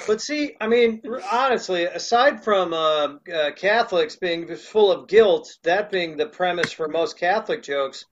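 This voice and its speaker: A man's voice: high voice, animated, a little slow, few pauses, highs cut off, slight background noise. A man in casual chat, telling jokes and stories as a comedian guest. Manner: jokey storytelling.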